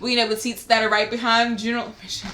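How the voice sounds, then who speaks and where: A young woman co-hosts a casual podcast and reads a listener's letter aloud. She is excitable, laughs often and swears freely. Her voice sits a little high and sounds bright and forceful, and it rings in a roomy, echoing space. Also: rapid-fire, slight background noise. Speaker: podcast co-host. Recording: roomy echo.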